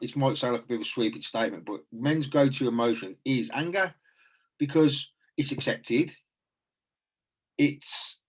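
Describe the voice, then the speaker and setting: Earnest man, rambling talk. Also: mid-range voice. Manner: earnest, rambling, many restarts. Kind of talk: casual reflective chat.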